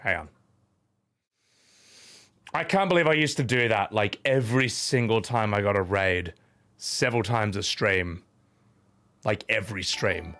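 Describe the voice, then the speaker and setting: A man in his thirties, out of breath, chatting casually on his stream and shouting out thanks to his viewers. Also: on the low side, a little slow, pauses often. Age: 30s. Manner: breathless, thanking chat with loud shout-outs.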